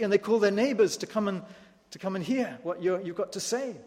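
A man, a pastor from the United Kingdom, preaching a sermon in a church, animated and emphatic with wry asides. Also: high-pitched, quick pace, big-room sound.

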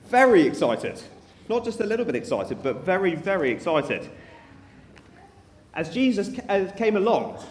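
High lively guy doing a kids talk in church, bouncy voice, echoey hall, faint room noise. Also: a little slow. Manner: animated, playful, coaxing the children. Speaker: preacher leading a family service.

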